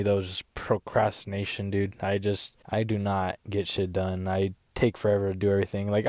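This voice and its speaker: A man's voice: on the low side, no room sound, studio quality. A young man talking straight to camera in a candid, rambling vlog, slangy and full of swearing. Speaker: YouTuber. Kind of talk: casual confessional vlog.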